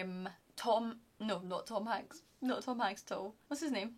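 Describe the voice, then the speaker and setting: A woman's voice: fairly high pitch, expressive, a little fast, hardly any pauses. A young Scottish woman chatting casually to camera as a vlogger, gushing about her favourites with lots of fillers. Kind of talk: casual chat.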